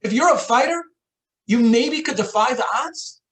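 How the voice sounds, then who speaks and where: A man's voice: extremely high pitch, lively intonation, moderate pace, fairly bright tone, voice pushed up. A man doing a desperate cancer patient pleading. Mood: urgent. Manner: pleading, rising urgent questions.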